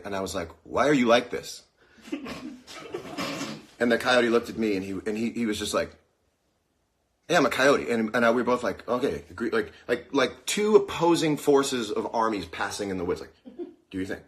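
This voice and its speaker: A man in his forties hosting a casual live-stream chat, rambling and joking, now and then bursting into yells, with an aching dry socket. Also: lowish voice, expressive, normal speed. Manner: rambling, jokey, bursts into yelling. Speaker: show host.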